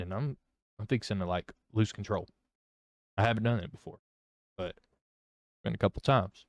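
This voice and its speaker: A man's voice: lowish voice, a little fast, pauses often, no room sound. A young man telling his personal testimony in a rambling, candid way, full of fillers and restarts. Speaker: vlogger.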